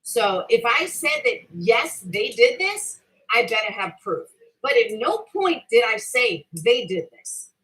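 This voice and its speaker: Her voice is fairly high with big pitch swings, a bit bright and a little slow, captured in a rough recording. A middle-aged livestream host, she combatively rants at her chat in a heated, casual way, swearing heavily, defending herself and repeating her point.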